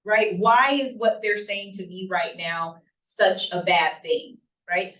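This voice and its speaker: Speaking slowly with a fairly bright tone, a woman with a medium-pitched, fairly even voice gives a talk to a group of parents. She keeps it conversational and often checks in with "right?". The recording sounds roomy, distant and dull, with a lo-fi room quality.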